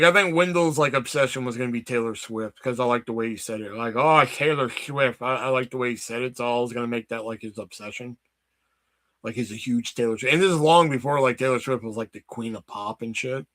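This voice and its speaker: A man's voice: medium pitch, pushed and bright, no echo. Rambling casual man, dry close sound. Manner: rambling, swearing, heavy filler "like". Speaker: livestream host. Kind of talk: casual live-stream chat.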